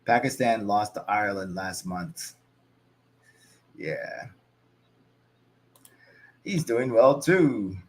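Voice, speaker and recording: A man's voice: lowish voice, animated, a little hiss or hum. Chatty man in his thirties hosting. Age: 30s. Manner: chatty, reacts to chat in quick asides. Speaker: livestream host. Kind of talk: casual watch-along chat, reading viewer comments.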